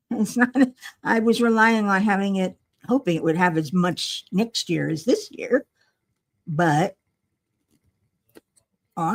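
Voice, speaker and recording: A worn-out older woman chats away on a home livestream, half to herself, wry and rambling. Her voice is husky and gravelly, and her pitch swings up and down a lot. She talks slowly, as if yawning through it. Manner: rambling, self-talking, wry and chatty. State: tired, yawning. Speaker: livestream host. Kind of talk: casual chat while crafting.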